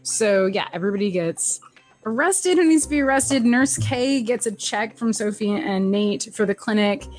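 An animated woman chatting through a TV episode recap, her voice at a middle pitch that leaps high whenever she quotes someone. She laughs often, and faint music sits under her voice. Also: normal speed. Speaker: podcast co-host recapping a TV episode. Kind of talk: casual chat.

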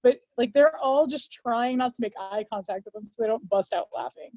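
A woman talks through a TV episode in casual podcast chat. Her voice sits a little high and she keeps dropping into the characters' lines. The recording is dry and a bit dull. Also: no room sound. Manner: chatty, quotes characters in quick put-on voices. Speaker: podcast co-host.

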